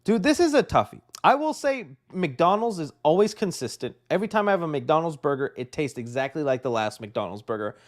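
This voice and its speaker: High-voiced excitable young man. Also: a little fast, hardly any pauses. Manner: rambling and excitable, says dude often. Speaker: host of a live movie news show. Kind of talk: casual livestream chat.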